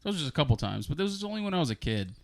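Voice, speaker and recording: A man's voice: fairly high pitch, very animated, racing, no room sound. A young man co-hosting a podcast, chatting casually and telling stories full of swearing and acted-out quotes. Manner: loose storytelling, swearing, acting out quotes. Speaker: podcast co-host. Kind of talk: casual chat.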